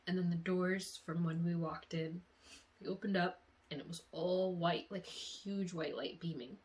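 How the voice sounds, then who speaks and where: A young woman vlogger emotionally retelling a dream in a casual, animated way. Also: on the low side, unhurried. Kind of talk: casual storytelling.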